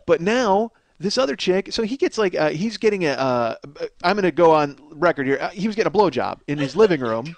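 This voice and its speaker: A man's voice: on the high side, sing-song, a little fast, hardly any pauses. A man hosting a comedy podcast, rambling through a profane, self-mocking monologue from a small apartment. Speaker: podcast host.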